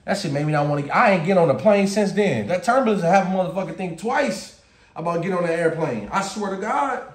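A man tells a storytime vlog tale in a profane, animated rant, often breaking into laughter. His voice sits high for a man. The room around him is echoey and roomy. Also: fairly quick. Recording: roomy echo.

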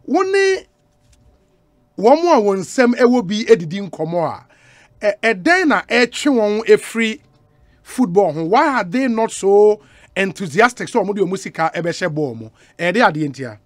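A man with a Ghanaian accent hosting a radio sports talk show, briskly introducing guests and asking questions in Twi and English. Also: high-pitched, sing-song, no room sound.

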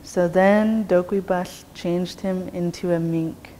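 Unhurried woman telling a traditional tale, lowish voice, faint noise behind. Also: steady tone, warm tone. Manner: slow, measured, rhythmic telling. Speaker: storyteller, language teacher. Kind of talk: traditional storytelling. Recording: long reverb, faint background noise.

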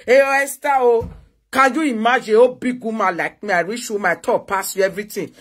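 A woman's voice: on the high side, fairly even intonation, brisk, a bit bright. A woman with a Nigerian accent in a heated live-video rant, taunting and mocking a rival. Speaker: social media personality. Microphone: phone on live video.

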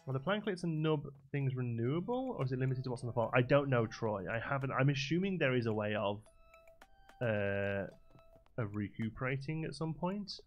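A man's voice: medium pitch, lively intonation, normal speed, highs cut off, faint music behind. A man streaming a farming game, chatting and thinking aloud as he plays. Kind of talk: casual gameplay commentary.

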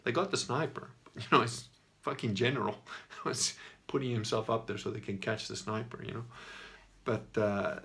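A man's voice: on the low side, fairly even intonation, moderate pace, creaky, fairly bright tone. A middle-aged man telling a personal story in a casual monologue, rambling and swearing, laughing as he goes and acting out what people said. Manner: rambling, profane, laughs as he talks, acts out quotes.

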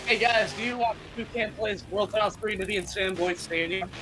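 A man co-hosting a live gameplay stream, chatty, scoring runs and pitching ideas. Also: normal speed, crowd noise. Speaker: stream co-host and track builder. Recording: noisy home mic.

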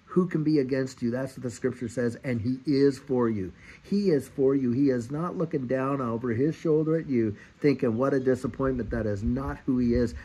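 Man, 50s, husky voice, sermon, earnest, exhorting, repetitive. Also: mid-range voice, darkish tone, low-quality recording. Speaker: Christian speaker.

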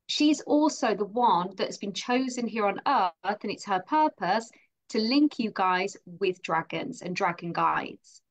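A woman's voice: medium pitch, animated, a little slow. A woman hosting a live stream, bubbly and effusive as she greets viewers and introduces her guest. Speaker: host.

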